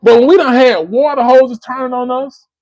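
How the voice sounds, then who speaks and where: A man's voice: extremely high pitch, moderate pace, a little mellow, dry recording, poor audio. A man from the United States hosting a livestream, giving impassioned commentary, repeating phrases for emphasis and speaking to a listener by name. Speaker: livestream host.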